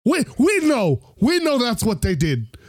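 A man co-hosting a casual podcast chat, animated and jokey, acting out scenes as he talks. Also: very high-pitched, a little slow, no echo, studio quality. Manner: animated, jokey, acts out scenes in silly voices. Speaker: podcast co-host.

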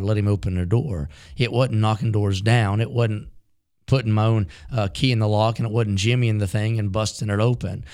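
A man who is a pastor, preaching a sermon built on repeated rhetorical questions. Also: medium pitch.

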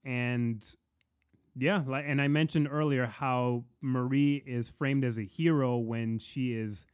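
Male podcast co-host, mid pitch, casual and profane, laughs a lot. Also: slow, smooth. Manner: animated, laughs often, profane. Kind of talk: casual review chat.

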